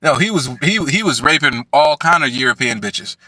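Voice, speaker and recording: Livestream co-host, male, mocking and profane, slightly high and very bright, dry sound. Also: expressive, normal speed, no room sound. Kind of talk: casual crude banter.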